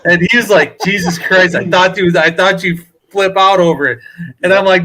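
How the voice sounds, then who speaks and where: An excitable man with a high voice chats on a podcast. He tells his stories with animated energy. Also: moderate pace. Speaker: podcast co-host. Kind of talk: casual chat.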